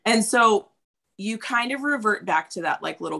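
Gravelly-voiced woman in candid chat. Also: medium pitch, expressive, normal speed, bright, forceful tone. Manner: candid, swearing freely, acts out quotes. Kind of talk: casual chat.

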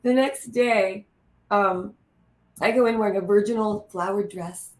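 A woman telling a lively anecdote in an interview, acting out the lines of the people in it. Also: medium pitch, a little slow. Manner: lively anecdote teller, acts out quotes. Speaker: guest. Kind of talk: animated storytelling in conversation. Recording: roomy echo.

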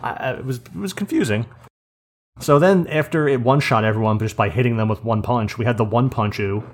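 A man's voice: mid-range voice, fairly quick. A man co-hosting a casual gaming podcast, telling stories with a joking, teasing manner. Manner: jokey storyteller, acts out quotes. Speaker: podcast co-host. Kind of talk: casual podcast chat about an online game.

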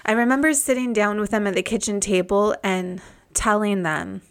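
A woman's voice: medium pitch, steady tone, normal speed, clean tone. A woman in her thirties hosting a podcast, telling a personal story in a reflective, heartfelt way. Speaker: podcast host.

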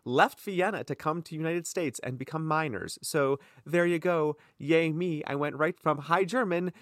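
A man's voice: a little high, moderate pace, no echo, clean studio sound. A man co-hosting a podcast, chatting casually and joking at his own expense. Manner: animated, jokey, self-mocking. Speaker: podcast co-host. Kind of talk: casual chat.

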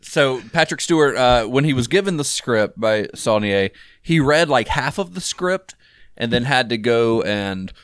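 A man's voice: mid-range voice, lively intonation, unhurried, clean tone, no room sound, studio quality. A man co-hosting a casual film talk, rambling with lots of fillers and restarts. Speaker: podcast co-host.

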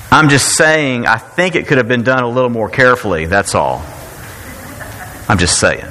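Bright-voiced man preaching in a reverberant hall. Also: mid-range voice. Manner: conversational, self-correcting, playful asides. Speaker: pastor. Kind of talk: sermon.

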